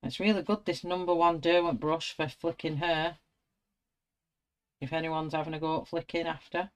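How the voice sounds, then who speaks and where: A middle-aged British woman with a notably low voice chats in a relaxed, friendly way. She narrates each step of her colouring as she goes. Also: normal speed. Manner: chatty, self-narrating, friendly. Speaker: colouring artist. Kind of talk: casual chat while colouring.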